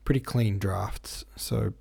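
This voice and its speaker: A man's voice: fairly low pitch, steady tone, slow pace, gravelly, mellow, breathy edge. A man hosting a casual solo podcast, talking in a rambling, hesitant way with many fillers and restarts. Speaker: podcast host and novelist.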